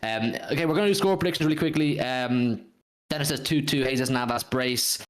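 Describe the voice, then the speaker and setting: A man's voice: mid-range voice, brisk. Chatty man hosting a fan stream. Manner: chatty, reads viewer comments aloud, swears casually. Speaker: host of a football fan livestream. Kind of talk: casual live-stream chat.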